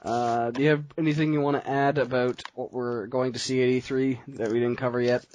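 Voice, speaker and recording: A man's voice: medium pitch, level tone, fairly quick, a little mellow. A young man co-hosting a podcast on a headset, laid-back, laughing often and steering the talk back on topic. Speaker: podcast co-host. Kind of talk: casual chat.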